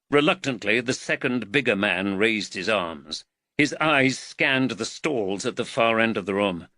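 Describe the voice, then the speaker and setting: A male audiobook narrator reading with measured, expressive storytelling. His voice is bright and his intonation lively. The recording is dry and close to the mic. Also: lowish voice, no room sound. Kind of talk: scripted narration.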